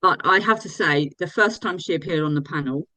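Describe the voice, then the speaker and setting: A woman's voice: lowish voice, brisk, pushed and bright, no room sound, low-quality recording. A woman fan being interviewed, chatting enthusiastically about meeting an actress. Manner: enthusiastic, gushing. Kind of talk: casual interview chat.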